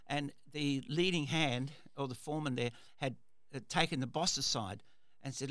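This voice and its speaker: A man's voice: a little high, moderate pace, a bit bright, no room sound. A man hosting a radio talk show, telling a story in a rambling way, with repeated words and restarts. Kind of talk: casual storytelling monologue.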